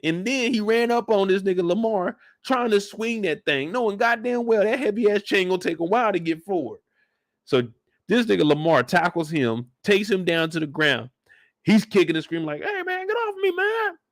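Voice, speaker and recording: Man hosting a recap show, slightly high voice, dry sound, loose and profane. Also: normal speed, no echo. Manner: animated, profane, joking. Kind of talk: casual episode breakdown.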